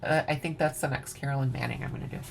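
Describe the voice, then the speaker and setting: Racing along in a rumbling low, gravelly voice, this woman keeps a steady tone, with a little hiss or hum in the background. She's from Wisconsin with an Upper Midwest accent, playfully showing and chatting about her cross-stitch projects at home at night while singing snippets of songs.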